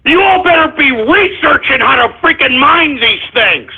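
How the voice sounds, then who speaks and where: A male talk radio host delivering an excitable, flustered monologue, often stumbling and apologizing. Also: very high-pitched, moderate pace, hardly any pauses, husky. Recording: phone-like lo-fi radio sound.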